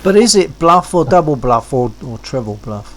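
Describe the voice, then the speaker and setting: A man's voice: medium pitch, big pitch swings, moderate pace, crowd noise. A man, a co-player on a live stream, chatting casually with dry, short quips. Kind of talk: casual chat.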